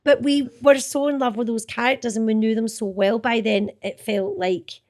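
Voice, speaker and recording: A woman's voice: a little high, moderate pace, darkish tone. A middle-aged woman with a Scottish accent, an actress chatting casually about her old work and laughing and swearing as she goes. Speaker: actress guest. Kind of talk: casual reminiscing chat.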